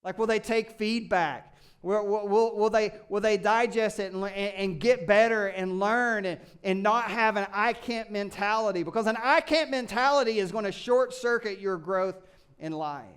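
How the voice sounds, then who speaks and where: A male pastor preaching with a high, smooth and resonant voice. He talks in an animated way, shouting with excitement at one moment and dropping low and quiet the next. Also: moderate pace. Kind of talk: sermon.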